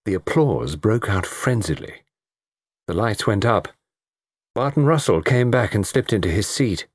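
A man with a low voice narrates an audiobook with dramatic delivery. His intonation swings widely from line to line. The recording is close and dry, with no room sound. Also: animated, measured pace, no room sound. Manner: dramatic, varied storytelling. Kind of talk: scripted narration.

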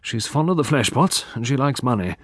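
A man voicing a blunt, gruff old military colonel who talks in brisk, clipped phrases. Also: medium pitch, lively intonation, a bit bright, dry recording, studio quality. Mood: confiding.

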